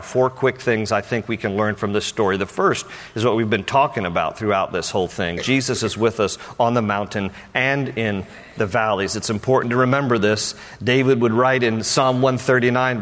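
A man preaching a sermon, telling a Bible story with playful acted-out voices, then turning softer and earnest. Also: fairly low pitch, big-room sound. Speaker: pastor.

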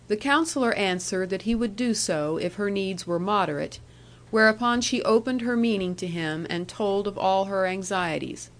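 A woman narrating a classic novel as an audiobook, in a measured storytelling voice. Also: medium pitch. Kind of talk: reading a classic novel aloud.

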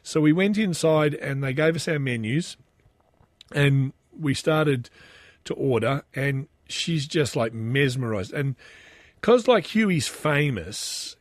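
Brief: Australian dad, middle-aged, rambling and self-deprecating storyteller, slightly raised pitch. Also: male voice, animated, slow, no room sound. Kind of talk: casual personal anecdote.

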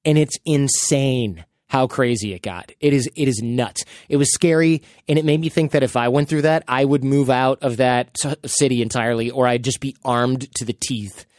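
Man in his thirties, podcast host, lively storyteller, close dry studio mic. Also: mid-range voice, normal speed, few pauses, no echo. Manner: animated storyteller, acts out quotes. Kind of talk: casual podcast chat.

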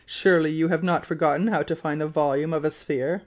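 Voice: mid-range voice, steady tone, a little fast, lightly acted. A reader voicing an irritable, proud old male professor in an audiobook, speaking fiercely and impatiently. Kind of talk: audiobook character reading.

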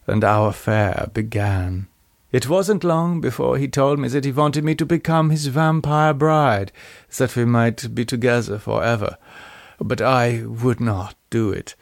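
Play a nostalgic German woman singer in a storybook, recalling her past with quiet longing, as a man reads her lines, with a slightly gravelly texture in a dry, close sound. Let her German accent colour each phrase. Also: mid-range voice, no echo. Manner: wistful, reminiscing storyteller. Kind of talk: audiobook character voice.

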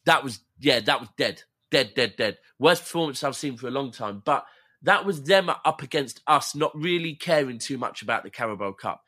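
Guy guesting on footy chat, bright voice, chill and slangy, firm takes. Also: mid-range voice, lively intonation, normal speed. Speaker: guest pundit and YouTuber. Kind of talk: casual football chat.

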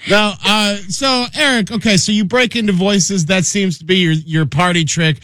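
An easygoing male radio host in casual banter, with a bright, high voice that laughs along easily. The studio sound is dry and close. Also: moderate pace, dry recording.

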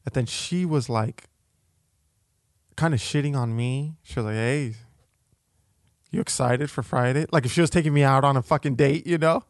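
A man's voice: mid-range voice, a little fast, no room sound. A man co-hosting a comedy podcast, telling a story in a loose and profane way into a close mic. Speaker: podcast co-host.

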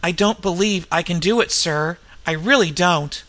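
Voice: medium pitch, normal speed, pushed and bright, close to an everyday voice. A reader voicing a frightened, superstitious male railway inspector in a storybook, gasping and pleading. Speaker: storybook character.

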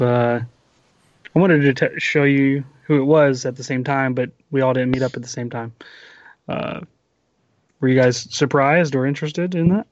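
A man's voice: medium pitch, dry recording. A man hosting a casual chat who rambles and trips over his own words. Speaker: podcast host. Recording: dry, muffled lo-fi recording.

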